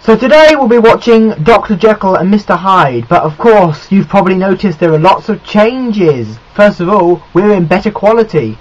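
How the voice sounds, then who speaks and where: A man's voice: high voice, lively intonation, normal speed, hardly any pauses. A young man rambling chattily as he reviews a film in a casual video diary, often restarting his sentences, recorded on a built-in camera microphone. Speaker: film vlogger. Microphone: built-in camera mic. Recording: muffled lo-fi camera mic.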